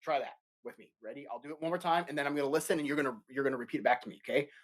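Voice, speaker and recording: A man teaching an elementary music lesson for children, explaining patiently and slowly with playful asides. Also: fairly high pitch. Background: guitar playing.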